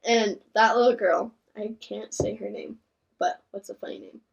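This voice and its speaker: A young woman in her late teens, a guest in casual chat, bubbly and quick to laugh. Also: medium pitch, fairly even intonation, creaky, dull audio. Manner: bubbly, giggly, enthusiastic.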